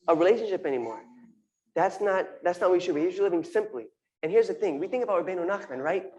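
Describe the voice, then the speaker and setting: Recorded with dull audio, this mid-range, darkish voice delivers a drash as a member of the congregation. It's an earnest, informal sermon that repeats phrases and draws on Hebrew terms.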